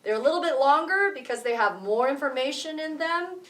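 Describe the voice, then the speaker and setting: A woman's voice: high voice, lively intonation, fairly quick. A woman explaining rhythm in a drum lesson at a cultural center, counting beats aloud in a friendly way. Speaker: music teacher. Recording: roomy echo, mic far off.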